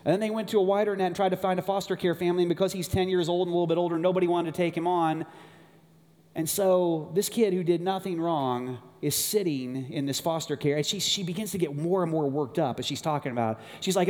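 Pastor preaching in a reverberant hall. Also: male voice, high voice, fast. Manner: storytelling, shifting from animated to hushed and earnest. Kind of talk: sermon.

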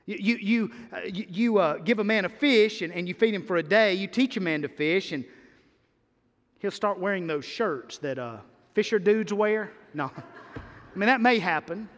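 High-pitched preaching man in an echoing hall. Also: normal speed. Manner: animated preaching with sudden loud and soft swings. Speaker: pastor. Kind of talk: sermon. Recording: long hall reverb.

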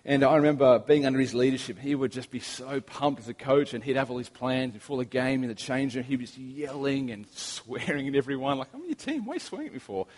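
A young Australian man preaching a sermon, telling relaxed, anecdotal stories with humor. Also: mid-range voice, fairly quick, few pauses. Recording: long reverb of a large hall.

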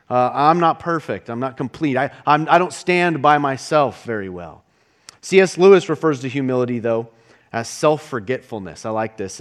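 Conversational male pastor preaching. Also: fairly high pitch. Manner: conversational preaching with repeated restarts. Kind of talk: sermon.

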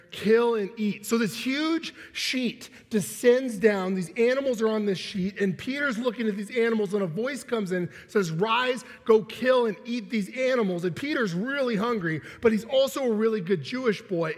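A man with a high, slightly husky voice preaches a sermon in a loose, joking way and pokes fun at himself. His voice rings out with a long reverb, as if in a large hall. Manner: conversational and joking, with self-deprecating asides and chuckles. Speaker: pastor.

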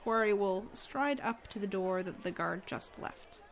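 Female player, casual and chatty, everyday mid-pitched voice. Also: a little slow. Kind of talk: casual tabletop game play.

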